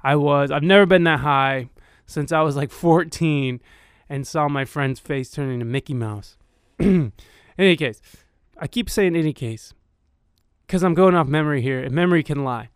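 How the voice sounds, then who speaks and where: A man with a fairly high, smooth and resonant voice tells a casual story. He rambles and swears freely, padding his talk with fillers. The sound is dry and close, with no room around it. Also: moderate pace, no echo. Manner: rambling, profane, full of fillers. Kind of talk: casual anecdote.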